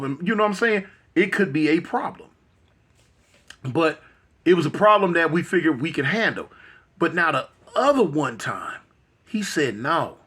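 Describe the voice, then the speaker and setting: A husky, high-voiced man from Los Angeles, appearing as an interview guest, tells an animated story with a fairly bright tone. He acts out other people's voices vividly, repeating himself and restarting often, with plenty of slang.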